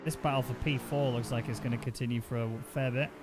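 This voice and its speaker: A man's voice: mid-range voice, steady tone, fast talker. A man giving casual live commentary on an online sim race, chatty and bantering with his co-host. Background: racing car engine noise.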